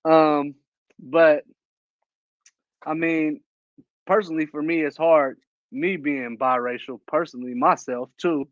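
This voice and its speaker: A man's voice: fairly high pitch, slow pace, pauses often, no echo. Laughing male co-host on a dull mic. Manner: laughs often, relaxed, slangy. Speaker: podcast co-host. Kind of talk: casual podcast chat.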